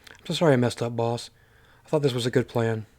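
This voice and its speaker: A man's voice: mid-range voice, fast talker, a little mellow, lightly acted. A man voicing a hapless young male business owner who keeps apologizing. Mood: apologetic. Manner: sheepish, apologetic.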